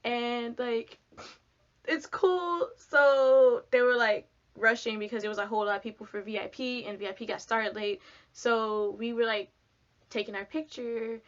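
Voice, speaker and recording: A young woman tells a casual storytime for her vlog, chatty and animated, filling her sentences with "like" and acting out the voices of the people involved. Her voice sits a little high. The recording sounds dull and lo-fi. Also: unhurried. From Texas. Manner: chatty, animated, lots of "like", acts out quotes. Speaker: vlogger.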